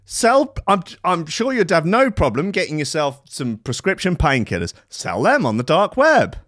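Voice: medium pitch, moderate pace, no echo, studio quality. A speaker with a British accent delivering a crude, mocking comedic rant full of swearing. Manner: sweary, mocking, animated, with voices and outbursts. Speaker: comedic ranter.

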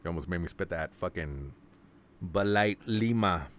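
A man's voice: low-pitched, normal speed. A man hosting a casual podcast, joking crudely, swearing freely and laughing often. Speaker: podcast host.

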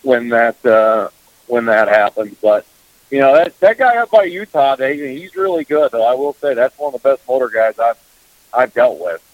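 A man's voice: medium pitch, animated, moderate pace, no echo. A man talks in loose, rambling fashion, stacking filler words as he goes. The sound is dull and lo-fi, like an old radio feed. It's dry and close, with no room around him. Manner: rambling, heavy on "you know" fillers. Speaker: fishing guest. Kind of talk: casual radio chat.

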